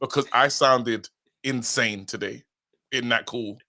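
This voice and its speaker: A young man co-hosting a podcast, chatting and joking with quick laughs. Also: medium pitch, fairly even intonation, sharp tone. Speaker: podcast co-host. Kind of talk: casual chat.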